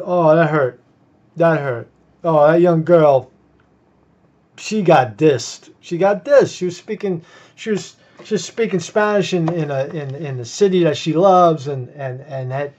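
A man's voice: a little high, expressive, a little slow, a little mellow. A man ranting in commentary about videos he plays. He stammers, repeats words and keeps asking "right?". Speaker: vlogger. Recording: dull lo-fi sound.

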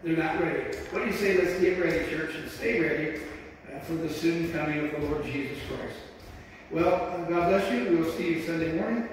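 A man's voice: on the high side, normal speed, a little hiss or hum. An older man preaching a sermon as pastor, testifying about his life and often breaking into "praise God" and "amen". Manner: testifying, repeats praise phrases. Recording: echoey hall from far off.

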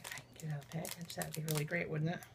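This vlogger speaks very fast in a low, creaky voice with flat delivery, against a noisy background. She opens mail from friends casually, gushing over each small gift and talking to her viewers as well as the items she unwraps.

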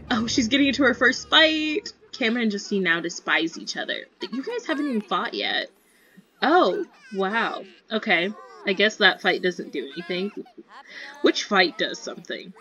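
A woman's voice: mid-range voice, bright, forceful tone, a little hiss or hum. A young woman giving chatty, giggly commentary on her own gameplay. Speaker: gaming video creator. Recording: slightly dull lo-fi sound.

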